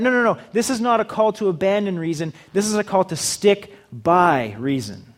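A man's voice: high voice, moderate pace, few pauses. A man preaching a sermon in a humorous, conversational way, acting out little dialogues with the audience. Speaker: pastor.

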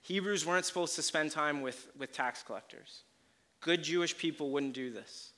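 A man preaching a sermon, telling a story with animated swings in loudness and acting out quotes. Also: fairly high pitch, normal speed.

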